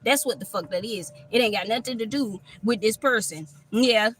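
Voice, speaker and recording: Woman tarot reader, high and bright, profane and animated, live on her phone in a park. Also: normal speed. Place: outdoors at a park.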